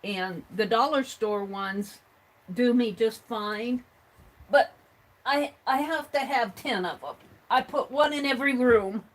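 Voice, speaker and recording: A woman's voice: on the high side, slow pace, rough recording. A middle-aged woman chatting casually and rambling as she shows her crafts and reads out viewer comments on a livestream. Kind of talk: casual chat while crafting.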